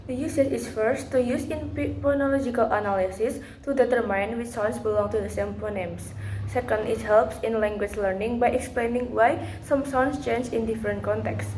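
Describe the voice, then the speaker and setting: A woman's voice: fairly high pitch, fairly even intonation, normal speed, darkish tone, a little hiss or hum, rough recording. A woman student reading a class presentation, going through points in order.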